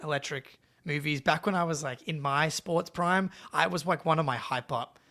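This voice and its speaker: A man co-hosting a casual sports podcast, animated and swearing casually as he chats. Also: on the high side, normal speed. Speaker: podcast co-host.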